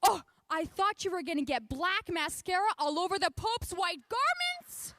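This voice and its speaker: A man's voice: very high-pitched, big pitch swings, moderate pace, bright, forceful tone, slight background noise, voice pushed up, exaggerated voice. A woman voicing a fretful male priest friend, anxious and drawn out as he scolds her.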